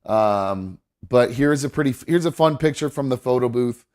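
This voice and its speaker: This podcast host speaks in a mid-range, darkish voice at a moderate pace, his intonation lively. Chatting casually, he rambles, restarts often, leans on fillers, and mutters to himself as he adjusts his setup. Sentimental, he gets choked up along the way.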